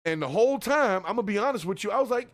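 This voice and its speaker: A man hosting a podcast, giving a profane, animated political rant straight to his listeners. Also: high-pitched, very fast. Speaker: podcast host. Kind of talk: casual political commentary rant.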